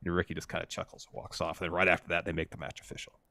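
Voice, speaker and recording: A man with a low, deep voice talks through the action at length, sometimes joking. the sound is close and dry with almost no room around it, like a studio podcast mic. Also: little pitch movement, very fast, gravelly, sharp tone, no echo. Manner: recaps events at length, joking. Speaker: podcast co-host. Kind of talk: casual wrestling recap chat.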